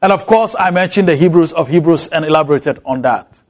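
A man from Ghana with a Ghanaian accent, giving a recorded Bible lecture with emphatic, drawn-out stresses. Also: on the high side.

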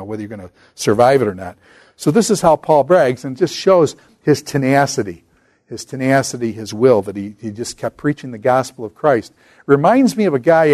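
A middle-aged man giving an informal Bible lecture, talking conversationally and slowing down to read scripture aloud. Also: mid-range voice, a little mellow, no room sound. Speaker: Bible teacher.

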